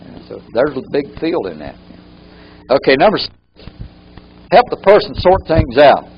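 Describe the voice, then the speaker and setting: A man's voice: mid-range voice, sing-song, moderate pace, muffled recording, slight background noise. A man teaching a live training workshop, often repeating key phrases for emphasis.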